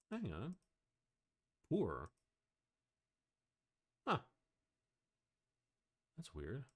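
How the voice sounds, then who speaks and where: A man livestreaming, chatting casually with his viewers in a rambling, excitable way, full of fillers. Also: medium pitch, normal speed. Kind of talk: casual chat to a live chat.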